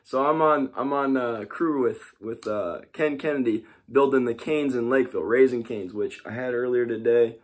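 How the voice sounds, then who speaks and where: A man's voice: mid-range voice, moderate pace, few pauses. A young man teaching a class, rambling in casual talk full of fillers and asides. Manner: rambling, full of "like" and "you know".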